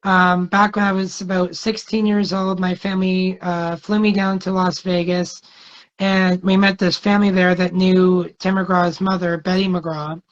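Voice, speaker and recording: Hesitant rambling man, flat lo-fi voice. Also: high voice, unhurried. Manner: rambling, hesitant, many fillers. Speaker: guest singer. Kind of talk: casual interview storytelling. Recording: dull lo-fi sound.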